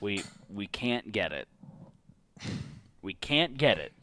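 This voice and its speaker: During a streamed board game night, a male co-host reads event cards and rules aloud and teases his friend in lively, casual chat. His lowish voice takes things slowly, with a little hiss or hum in the recording.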